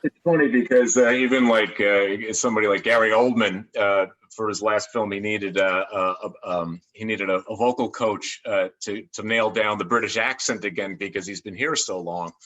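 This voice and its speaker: A man on a video-call panel, speaking in a relaxed, halting way with frequent uhs. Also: on the low side. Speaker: actor and panel guest.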